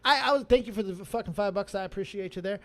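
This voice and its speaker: A man hosting a podcast, talking in a casual, profane, animated way, often breaking into quoted voices. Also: high-pitched. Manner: animated, swearing, quick bursts of laughter and mock quotes. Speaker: podcast host.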